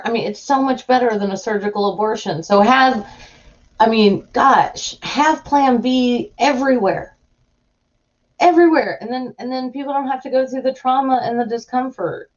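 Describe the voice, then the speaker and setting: A woman's voice: fairly high pitch, moderate pace. A woman chatting casually to live viewers as host, telling stories animatedly. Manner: animated storytelling, acts out voices of people in her anecdotes. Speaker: livestream host. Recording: muffled lo-fi stream audio.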